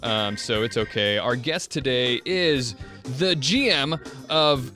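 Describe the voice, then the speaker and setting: A man's voice: mid-range voice, slow pace, sharp tone, soft background music. A man hosting a podcast in casual chat, rambling and self-deprecating, with many fillers and laughs. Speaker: podcast host.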